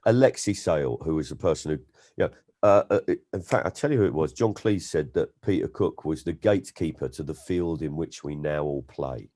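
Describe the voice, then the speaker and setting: A man, a comedian, chatting as an interview guest and telling stories in an animated way, often slipping into impressions. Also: rumbling low, brisk. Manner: animated storyteller, slips into impressions. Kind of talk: casual interview chat.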